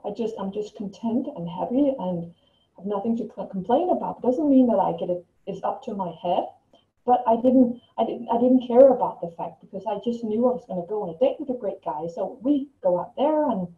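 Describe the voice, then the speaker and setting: A woman's voice: mid-range voice, dark tone. Distant, echoey woman telling a story. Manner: rambling, frequent restarts and repeated words. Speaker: vlogger. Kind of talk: casual personal storytelling to camera. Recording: roomy, distant, dull lo-fi sound.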